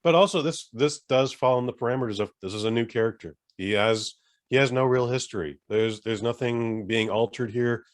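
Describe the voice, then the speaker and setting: Male podcast co-host, mid pitch, blunt emphatic ranting style. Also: fairly quick. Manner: blunt, swearing, emphatic rants. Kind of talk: casual chat.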